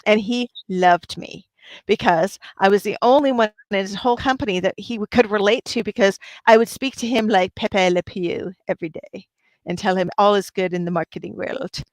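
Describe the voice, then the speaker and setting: A woman's voice: medium pitch, moderate pace, no echo. A woman hosting a livestream, chatting casually and upbeat with her viewers. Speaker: livestream host.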